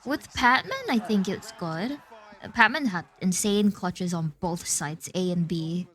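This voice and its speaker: Woman streamer hosting a watch party; energetic, shouts at big plays, then chats casually about the match. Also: lowish voice. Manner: loud bursts of cheering between quick analysis. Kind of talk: excited esports co-watching chat.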